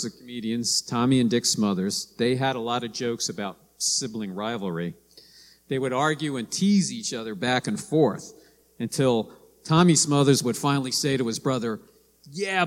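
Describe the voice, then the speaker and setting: A man preaching a sermon, telling stories and acting out quoted lines in a lively way. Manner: storytelling, acts out quoted lines with rising pitch. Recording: long hall reverb.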